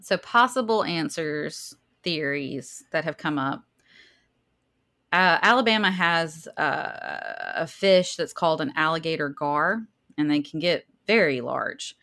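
A woman with a Southern American accent co-hosts a casual podcast, reading through her research in a low-pitched voice. She is chatty and laughs easily, and now and then she trips over a difficult word. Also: lively intonation, slow pace, sharp tone. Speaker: podcast co-host.

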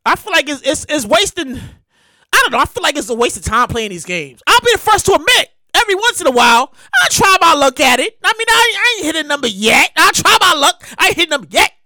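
A man giving excitable, slangy, casual commentary, often loud and drawn out on exclamations. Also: very high voice, a little fast, dry recording.

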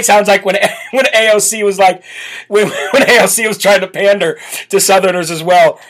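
Brash talk host guy, fairly high voice, sarcastic and mocking the whole time. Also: normal speed. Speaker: political talk show host. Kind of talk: opinionated solo commentary.

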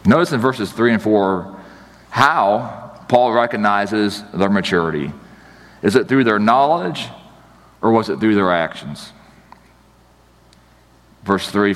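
A man's voice: fairly low pitch, takes it slowly, pauses often, in a large hall. A man pastor in his thirties giving a sermon in a chatty, storytelling way, acting out the people in his stories. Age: 30s. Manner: conversational storytelling, animated.

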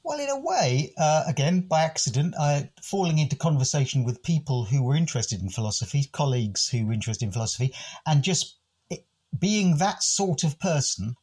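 A man's voice: on the high side, big pitch swings, fairly quick, darkish tone, breathy edge. An older man from the United Kingdom, a podcast host and interview guest, musing thoughtfully and quoting poets. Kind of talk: reflective interview talk.

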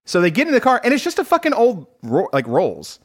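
A man runs through a movie's plot for his co-hosts, voice sitting a bit high and leaping around with enthusiasm. He swears constantly and breaks into laughter as he goes. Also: brisk. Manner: profane, laughs often, animated storytelling. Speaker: podcast co-host. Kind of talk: casual film recap chat.

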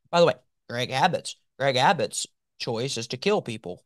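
A man hosting a political commentary show argues with sarcastic, animated emphasis, throwing in mocking asides as his pitch swings widely. He speaks at normal speed, and the recording is dry and close.

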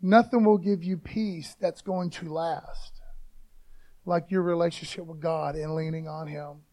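A man's voice: on the high side, fairly even intonation, measured pace, warm tone. A man preaching an informal devotional talk, fired up and casual, calling listeners "man" again and again.

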